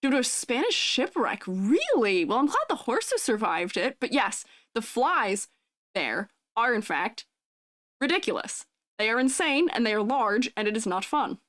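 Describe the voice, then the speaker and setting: Giggly streamer woman with lively pitch. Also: measured pace, no room sound, clean studio sound. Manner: giggly, bubbly, reads chat aloud. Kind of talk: casual livestream chat.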